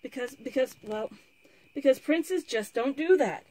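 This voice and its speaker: A woman's voice: sits high, expressive, unhurried, darkish tone, no room sound, voice pushed up. A woman reading aloud, voicing a polite but dim young prince who talks in a muddled, hesitant way.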